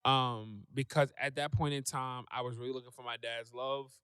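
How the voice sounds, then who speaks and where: New guy, guest on a show, animated storytelling, smooth dry voice. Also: medium pitch, normal speed, dry recording. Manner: animated, acts out quoted voices. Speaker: podcast guest. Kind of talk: personal storytelling.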